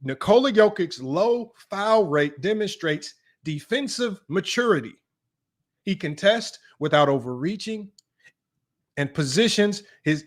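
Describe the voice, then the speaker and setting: A young man hosting a live sports analysis stream, reading stats aloud and talking bluntly and sarcastically to viewers as y'all. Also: high voice. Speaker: sports commentary host.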